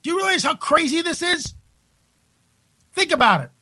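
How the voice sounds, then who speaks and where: A man hosting a live talk radio show from home, incredulous and animated, restarting his sentences often. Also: extremely high pitch, normal speed, low-quality recording.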